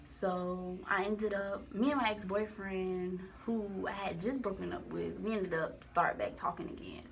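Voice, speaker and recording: Young woman, gravelly voice, casual storytime vlog, swears a lot, phone-recorded. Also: medium pitch, steady tone, unhurried, a little hiss or hum. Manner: candid, rambling, heavy profanity and slang. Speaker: vlogger telling a personal story. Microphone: phone camera.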